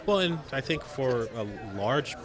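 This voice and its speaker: A man talking in a casual podcast panel, laying out his argument earnestly at a middle pitch. A loud crowd murmurs clearly behind him. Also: lively intonation, unhurried. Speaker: podcast co-host.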